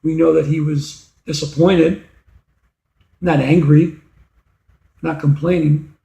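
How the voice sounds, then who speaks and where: Gravelly-voiced man teaching a reading lesson. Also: a little high, fairly even intonation, takes it slowly, mellow. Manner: explanatory, asks rhetorical questions. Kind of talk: explaining a lesson. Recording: echoey room.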